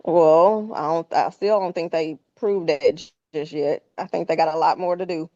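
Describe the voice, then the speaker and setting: A woman's voice: low-pitched, fairly even intonation, moderate pace, dark tone, dry recording, lo-fi sound. A woman co-hosting a podcast, giving frank, opinionated takes in informal casual chat. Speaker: podcast co-host.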